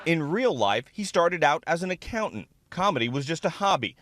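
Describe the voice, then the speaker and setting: A man's voice: a little high, sing-song, moderate pace, a bit bright, dry recording. Male correspondent narrating a news feature. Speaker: network correspondent.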